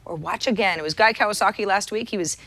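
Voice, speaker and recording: A woman's voice: medium pitch, fast talker, a bit bright. A woman co-hosting a tech talk show in casual chat, self-deprecating and chatty, often restarting her sentences. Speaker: podcast co-host.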